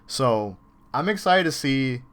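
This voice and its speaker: A man hosting a reaction video, talking casually and excitedly with lots of fillers and restarts. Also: medium pitch, takes it slowly, a crowd in the background. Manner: rambling, excited, many fillers.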